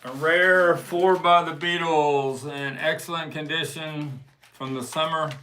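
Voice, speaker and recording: A man talking slowly and carefully, hosting a casual livestream where he shows and prices records from his collection. His voice is bright and a little high. A faint hiss sits under the recording. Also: low-quality recording. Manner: slow, unhurried collector's show-and-tell. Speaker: livestream host selling records. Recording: faint background noise.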